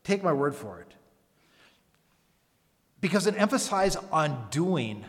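A man's voice: fairly high pitch, sing-song, slow pace. Earnest man preaching in a reverberant hall. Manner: earnest, emphatic preaching with rhetorical questions. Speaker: pastor. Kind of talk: sermon. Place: church service.

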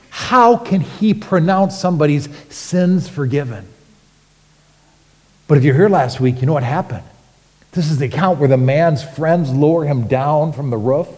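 A man preaching a sermon as pastor, animated and rhetorical, with sudden emphatic rises. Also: on the high side, long reverb tail.

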